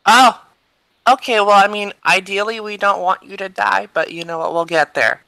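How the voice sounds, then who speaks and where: A man playing a druid in a tabletop game, excitable and eager. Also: high voice, moderate pace, vocal fry, no echo. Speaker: player. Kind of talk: casual tabletop play.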